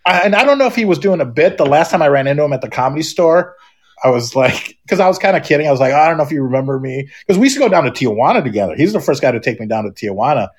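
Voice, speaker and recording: A man's voice: on the high side, sing-song, very fast, slightly rough. Man, middle-aged, podcast guest, casual rambling chat, lots of restarts. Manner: rambling, many restarts and fillers.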